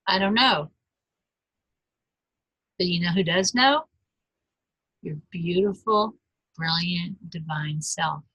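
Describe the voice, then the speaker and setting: A woman in her fifties, a life coach giving a webinar, earnest and gentle, speaking straight to her listeners. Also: fairly low pitch, breathy edge, dry recording, rough recording.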